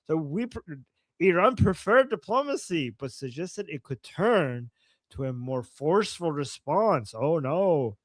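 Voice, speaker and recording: A man's voice: fairly high pitch, expressive, unhurried, dry recording, clean studio sound. A man co-hosting a live political stream, giving sarcastic commentary with theatrical mockery and frequent laughter. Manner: mocking, theatrical, laughs often.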